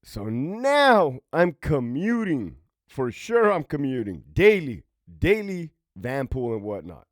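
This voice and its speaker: A man's voice: a little high, big pitch swings, takes it slowly, no room sound, studio quality. A former prison officer telling a casual, profane story from his own life, laughing often as he talks.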